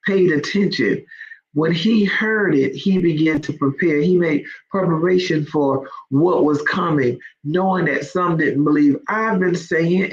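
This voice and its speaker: Over a lo-fi recording, a low-voiced woman leads a live faith talk aimed at online listeners. She starts out chatty, with plenty of ums, and works her way up to emphatic exhortation.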